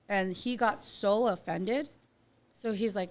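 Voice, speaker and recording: Laughing, animated woman. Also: mid-range voice, normal speed. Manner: animated, laughs often, acts out quotes. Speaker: podcast co-host. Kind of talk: casual chat, storytelling.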